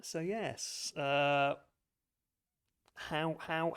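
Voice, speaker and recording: A man's voice: on the high side, slow, creaky, pauses often. A man running a tabletop horror game as game master, talking with lots of hesitations and restarts. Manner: hesitant, many fillers and restarts.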